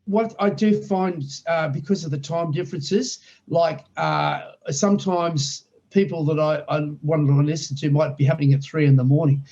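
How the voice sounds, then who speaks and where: A man's voice: on the high side, steady tone, normal speed, few pauses, a little mellow, highs cut off. A man in his late sixties with an Australian accent, a guest telling rambling stories in casual interview chat. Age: 60s. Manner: rambling storyteller, many restarts.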